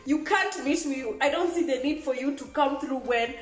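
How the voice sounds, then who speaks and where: A young Kenyan woman with a Kenyan accent telling an exasperated, animated storytime vlog, switching between languages. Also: high voice, normal speed, echoey room, loud music behind the voice. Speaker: vlogger.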